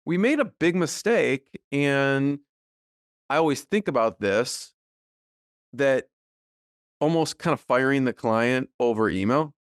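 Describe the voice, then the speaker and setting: A middle-aged man, a podcast guest, talking casually and thoughtfully with many fillers and soft laughs. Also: mid-range voice, animated, slow pace, pauses often, no room sound, clean studio sound. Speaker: podcast guest, business co-founder. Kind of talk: casual interview conversation.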